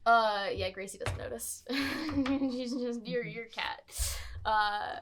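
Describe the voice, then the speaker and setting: A woman's voice: a little high, slow pace, very noisy. A woman narrating as game master of a comedy tabletop game, casual and full of fillers.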